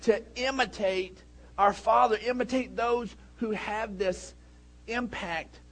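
Animated higher-voiced man preaching. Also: slow pace. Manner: animated storytelling, shouting when acting out scenes. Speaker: pastor. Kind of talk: sermon.

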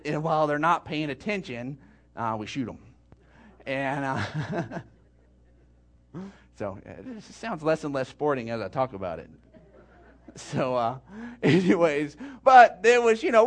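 A man preaching a sermon as pastor, telling a folksy story with quick asides. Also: a little high.

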